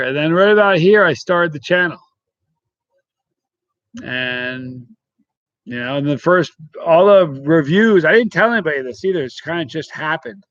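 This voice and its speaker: A man's voice: a little high, moderate pace, a bit bright, no room sound, muffled recording. A middle-aged man hosting a casual live stream, chatting and rambling as he greets viewers by name. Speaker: channel host reading live chat.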